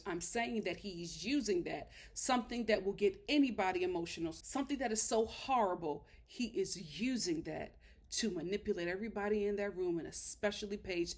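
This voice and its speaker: A woman reviewing a reality show in casual commentary, sassy and emphatic as she talks the episode through. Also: mid-range voice.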